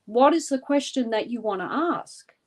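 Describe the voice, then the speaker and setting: A woman from Australia, a guest in an interview, leading a guided visualization with an intense, deliberate, vivid way of telling. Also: on the high side, lively intonation.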